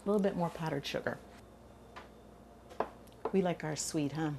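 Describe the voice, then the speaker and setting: A woman's voice: low voice, normal speed, creaky, darkish tone, slight background noise. An older woman hosting a cooking show, chatting enthusiastically as she demonstrates a recipe.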